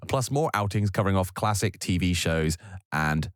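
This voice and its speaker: A man's voice: low voice, animated, normal speed, clean tone, no echo, studio quality. A man co-hosting a podcast, chatting casually and laughing easily as he wraps up the episode. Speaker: podcast co-host. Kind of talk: casual podcast outro chat.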